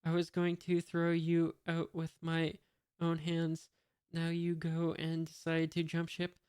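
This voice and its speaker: A reader voicing a young male ship's cook while reading a comic aloud, slow and even, with no real change of voice. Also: medium pitch, clean tone, natural voice. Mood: resolute. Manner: reads the lines slowly and evenly, with no real change of voice.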